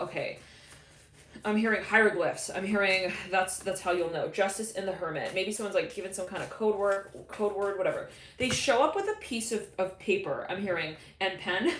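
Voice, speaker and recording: A woman's voice: mid-range voice, fairly bright tone. A woman talks through a live tarot reading in a loose, rambling way. She restarts her phrases and often breaks into laughter. Her voice carries a roomy echo, with faint background noise. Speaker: tarot reader.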